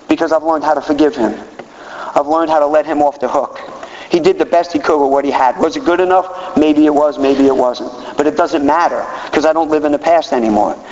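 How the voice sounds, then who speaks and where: A man's voice: on the high side, a little mellow. A middle-aged man giving an emphatic personal recovery testimony at a meeting, repeating key phrases. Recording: dull echoey hall with faint noise.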